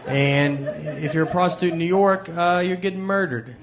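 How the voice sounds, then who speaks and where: A man from Tennessee with a Southern accent, telling a stand-up comedy set in a laid-back, deadpan way with hesitant fillers. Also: high-pitched, normal speed, a crowd in the background. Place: live comedy venue with audience. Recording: echoey live venue with audience laughter.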